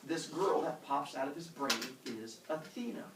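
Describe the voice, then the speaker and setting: A male teacher retelling a myth to his class in a casual, animated way, full of fillers and sound effects. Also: on the high side, moderate pace, a little hiss or hum. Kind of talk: storytelling lesson. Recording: roomy classroom from far off.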